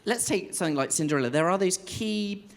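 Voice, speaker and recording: Give me a male interviewer with an expressive, varied voice who hesitates as he asks his questions. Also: high-pitched, quick pace. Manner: hesitant, searching for words. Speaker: interviewer, association chair. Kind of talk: onstage interview. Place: theatre.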